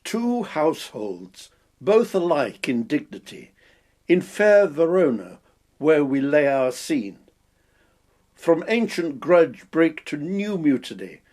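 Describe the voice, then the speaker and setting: Amateur actor reciting shakespeare prologue, formal, slowish, home recording. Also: male voice, fairly high pitch. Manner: steady, formal delivery.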